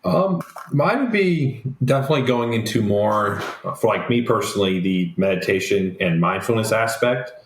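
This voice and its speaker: Man, very deep voice, young adult, reflective and relaxed, lots of ums, roomy remote call sound. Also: moderate pace, hardly any pauses. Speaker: guest. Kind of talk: casual interview talk.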